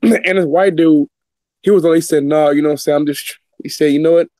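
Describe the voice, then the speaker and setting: A man's voice: on the high side, steady tone, a little fast, warm tone, no room sound. A man from California telling workplace stories in casual chat as a podcast co-host, acting out coworkers in a raised voice. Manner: storytelling, acts out coworkers in a raised voice, laughs often.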